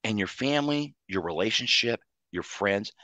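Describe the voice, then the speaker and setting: A man's voice: lowish voice, lively intonation, normal speed, sharp tone, dry recording. A man, a psychologist and author, giving earnest interview answers and explaining ideas in numbered lists.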